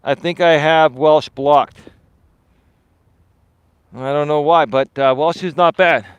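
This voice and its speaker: A man's voice: a little high, steady tone, slow, smooth, no room sound, muffled recording. A man, a life coach, chatting casually on a livestream while out walking, reading viewer comments and answering them. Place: outdoors on a walk.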